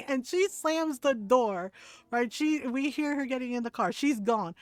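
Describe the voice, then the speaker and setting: A woman's voice: high voice, animated, measured pace, dry recording. A middle-aged woman streamer telling family stories casually while gaming, laughing often and swearing freely.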